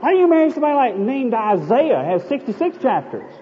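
A man preacher voicing a nagging older mother-in-law who scolds her daughter in a high, shrill voice. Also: very animated, brisk, a little hiss or hum. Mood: scolding. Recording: echoey hall, dull lo-fi.

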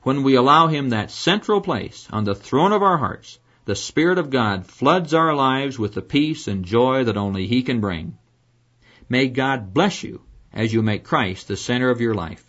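A man's voice: mid-range voice, animated, measured pace, a bit bright. A man delivering a scripted radio devotional as a Bible teacher, earnest and preacherly, asking rhetorical questions. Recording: dull lo-fi radio broadcast.

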